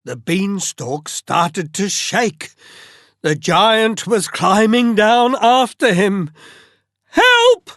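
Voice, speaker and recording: A storyteller reading a fairy tale aloud very slowly and expressively, as bedtime listening practice. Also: medium pitch, dry recording, studio quality. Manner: very slow, expressive read-aloud.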